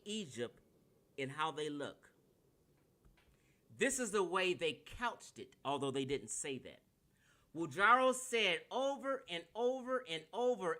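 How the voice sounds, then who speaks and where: A man with a Californian accent who lectures in a brash, combative way, swearing freely and spelling words out letter by letter. His voice is bright and forceful, and his pitch swings widely as he makes his points. It sounds like a casual livestream talk into a computer mic. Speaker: online lecturer.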